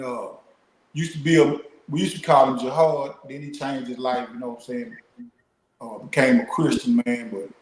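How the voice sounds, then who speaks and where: Man, middle-aged, laid-back storyteller, mid pitch, roomy echo. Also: a little mellow. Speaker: guest, former prisoner. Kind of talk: casual storytelling.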